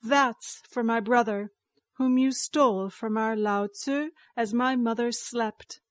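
A woman voicing a grieving rabbit-spirit wife who speaks calmly and steadily. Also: on the high side, dry recording, studio quality. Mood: calm resolute. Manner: calm, measured.

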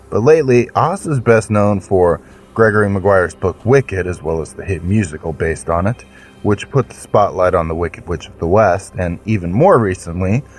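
A man hosting a fiction podcast, with a playful, theatrical manner and mock-grand fantasy banter. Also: deep voice. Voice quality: theatrical, jokey, mock-grand self-introduction. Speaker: podcast host.

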